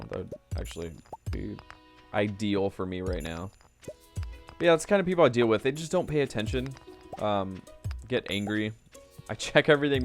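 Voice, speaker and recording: A young man chatting casually while playing a game, rambling and trailing off mid-sentence as he tells stories from work. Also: medium pitch. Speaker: gaming video creator. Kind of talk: casual gameplay commentary with storytelling.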